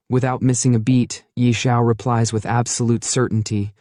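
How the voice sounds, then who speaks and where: A man's voice: medium pitch, steady tone, moderate pace, darkish tone, no echo, clean studio sound. A man narrating a comic recap as dramatic storytelling.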